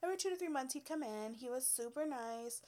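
A woman's voice: high-pitched, expressive, a little fast, dark tone. Blunt, profane young woman ranting. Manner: blunt, profane, exasperated, laughs often. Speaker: former hairstylist telling work stories. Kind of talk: casual storytelling rant.

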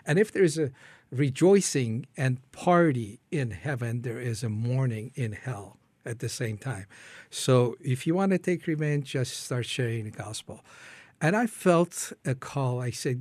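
A man's voice: mid-range voice, a little mellow, no echo. A man from Iran, founder of a ministry, tells his life story as an interview guest, earnestly acting out his own prayers.

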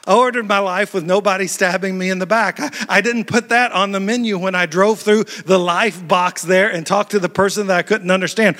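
High, bright-voiced preacher in an echoey hall. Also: male voice, normal speed, few pauses. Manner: playful, animated preaching with crowd interaction. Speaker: pastor. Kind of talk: lively sermon. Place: large church hall. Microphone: handheld microphone.

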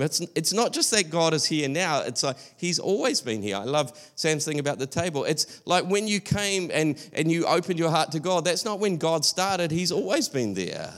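A man's voice: fairly high pitch, very animated, moderate pace, few pauses, fairly bright tone. A male preacher giving an earnest, conversational sermon, often restarting his sentences.

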